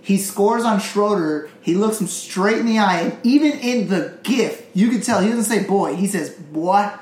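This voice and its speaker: A podcast co-host in casual chat, rambling quickly and swearing often. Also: medium pitch, darkish tone. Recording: echoey room, faint noise.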